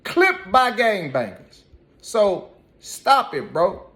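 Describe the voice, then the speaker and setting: A man hosts a reaction commentary with a high, animated voice. He scolds his subject with emphatic repetition. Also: slow pace. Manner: scolding, emphatic, repeats phrases. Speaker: commentary host.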